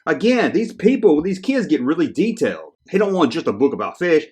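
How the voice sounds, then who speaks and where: Husky-voiced guy reading kids' letters to santa, lively ups and downs, cracking jokes. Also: a little high, a little fast, few pauses. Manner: joking, animated, teasing asides. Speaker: podcast host. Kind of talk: casual chat, reading kids' letters aloud.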